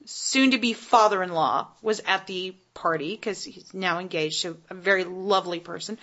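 A woman with a fairly high voice tells a story on a casual podcast, animatedly acting out what everyone said. The audio is dull and lo-fi. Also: pushed and bright. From Texas. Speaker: podcast co-host.

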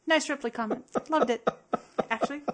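Female podcast co-host, upbeat, giggly, somewhat high voice. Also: brisk. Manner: bubbly, giggly, reads news items. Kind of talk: casual chat.

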